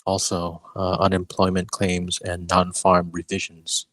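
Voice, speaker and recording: Low, flat-voiced man talking markets. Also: dry recording, rough recording. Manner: measured, analytical, lays out conditions step by step. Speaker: regular trader in a live voice chat. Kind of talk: casual market discussion. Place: in a city, away from home.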